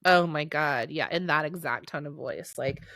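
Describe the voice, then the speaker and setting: A woman's voice: low voice, moderate pace, pushed and bright, dry recording. A woman in her late thirties co-hosting a podcast, telling stories with lots of laughter and acted-out quotes. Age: late 30s. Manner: storytelling, laughs often, acts out quotes. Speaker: podcast co-host. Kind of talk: casual chat.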